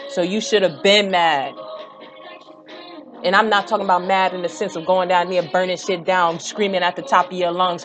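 A young woman, ranting straight at her audience in a blunt, profane way that climbs into heated outbursts. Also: on the low side. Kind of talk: impassioned direct-to-camera rant.

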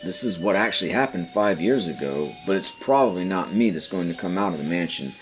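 Faint music from the game sits beneath this let's play host, whose low voice is expressive and brisk. He reads the in-game dialogue out loud while tossing in dry comments.

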